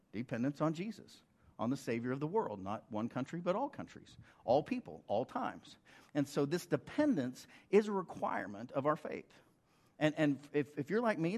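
A man's voice: mid-range voice, darkish tone. A middle-aged man preaching a sermon in a conversational way, often asking the congregation rhetorical questions. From United States. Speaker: pastor.

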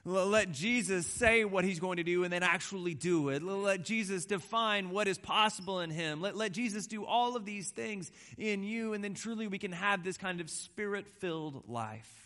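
A man's voice: high voice, moderate pace, few pauses, sharp tone. A man in his thirties preaching a conversational sermon, often repeating words and checking in with "right?". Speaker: pastor.

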